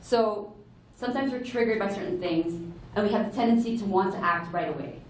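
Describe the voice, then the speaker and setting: A woman's voice: medium pitch, a little fast, distant mic, slight background noise. A woman giving an earnest, explanatory conference talk to a room, sometimes correcting herself mid-sentence. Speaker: conference speaker. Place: large conference hall. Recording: echoey hall, heard from afar.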